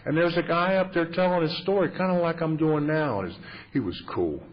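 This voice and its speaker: On muffled lo-fi tape with faint hiss, a recovery meeting speaker in his fifties talks a little fast in a fairly high voice. His confessional talk is humorous, wry and self-mocking.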